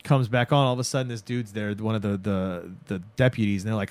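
A young man recapping a show in casual chat, animated, acting out the characters' lines and swearing freely. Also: lowish voice, fast, no room sound. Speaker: podcast host recapping a show.

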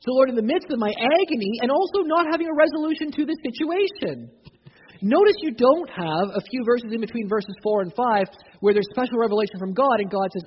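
A man's voice: very high-pitched, lively intonation, moderate pace, breathy edge. A man preaching a sermon, emphatic, often restarting his phrases. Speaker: pastor. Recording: dull recording, long hall reverb.

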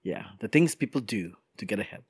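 A man hosting a casual podcast from London, lively and quick to laugh as he reads news stories aloud. His voice rises and falls a lot as he talks, and the sound is close and dry with no room around it. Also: on the low side, husky, no echo. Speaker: podcast host.

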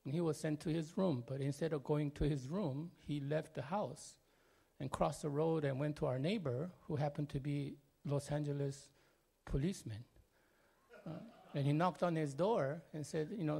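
Gravelly, high-pitched man. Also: moderate pace. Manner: expressive, jumps between loud and quiet, frequent fillers. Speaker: speaker telling a family story. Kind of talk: animated personal storytelling.

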